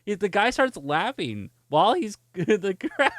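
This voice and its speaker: A man's voice: high-pitched, big pitch swings, measured pace, a bit bright, dry recording, studio quality. A man streaming games, chatting casually and telling a story with lots of laughter while answering viewer chat. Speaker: gaming streamer.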